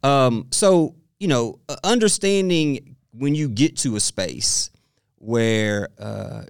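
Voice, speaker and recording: A middle-aged man speaking as a guest expert in a podcast interview, telling stories in an animated way and laughing often. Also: mid-range voice, slow, vocal fry, clean tone, dry recording, clean studio sound.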